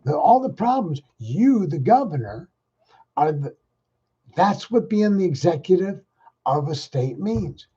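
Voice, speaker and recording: Husky exasperated man ranting. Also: high-pitched, big pitch swings, measured pace, warm tone, dull audio. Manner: exasperated, profane, rambling. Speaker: podcast host. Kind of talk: casual ranting monologue.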